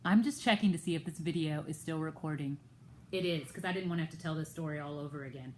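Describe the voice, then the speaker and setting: Speaking fast in a low-pitched voice, an American vlogger retells a personal story with indignation, raising her voice to play the others involved. The audio is low quality, reverberant, with a bit of hiss or hum.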